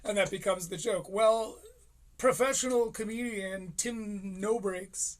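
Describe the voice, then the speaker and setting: A man's voice: high voice, a little slow. A man in his thirties giving rambling, profane comedic commentary on a live stream. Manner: rambling, profane, animated impressions.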